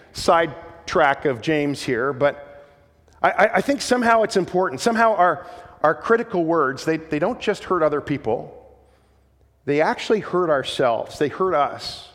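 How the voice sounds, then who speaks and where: A man's voice: a little high, big-room sound. A man preaching a sermon as pastor, earnest and emphatic, often repeating words as he restarts.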